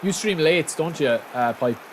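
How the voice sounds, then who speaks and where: A man with an Irish accent from the south of Ireland, casually commentating a football game on stream and chatting with viewers, breaking into excited shouts. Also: on the high side, moderate pace, background noise.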